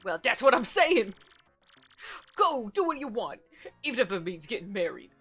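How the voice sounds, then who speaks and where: A woman voicing a gruff old male mafia boss in a game, with a put-on gangster drawl and a clipped, bossy manner. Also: fairly high pitch, big pitch swings, normal speed, fairly bright tone, soft background music, exaggerated voice.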